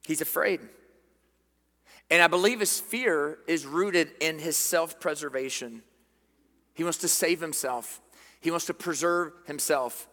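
Southern preacher in a reverberant hall. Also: male voice, fairly high pitch, unhurried, long pauses. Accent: Southern American. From American South. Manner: earnest preaching, dropping to hushed tones for emphasis. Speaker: pastor. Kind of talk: sermon. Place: church sanctuary.

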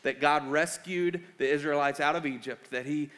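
A man's voice: a little high, moderate pace. Earnest man preaching a sermon. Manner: earnest, repeats words when building emphasis; swings from loud urgent emphasis to soft quiet reflection. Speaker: pastor.

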